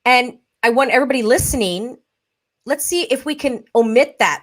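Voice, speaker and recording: A woman hosting a live podcast, talking in a loose, animated way. Her voice sits a little high, and she slips into playful quoted voices as she makes her points. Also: moderate pace. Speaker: podcast host. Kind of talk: casual podcast conversation.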